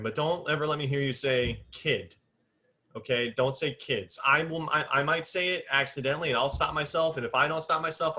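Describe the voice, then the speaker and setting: A man's voice: mid-range voice, pushed and bright. A male biology teacher giving a recorded classroom lecture while drawing on a board. He talks to students in an informal, direct way, sets firm rules on exact terms and counts aloud as he draws.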